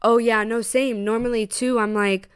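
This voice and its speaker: A young woman with a smooth, clean-toned voice, chatting on a podcast. She tells the story with lots of energy, speaking both her own lines and her partner's. She swears freely and keeps saying "literally" and "girl.". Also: on the high side, moderate pace. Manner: animated storytelling, acts out both sides of a quarrel. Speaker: podcast co-host. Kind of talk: casual chat.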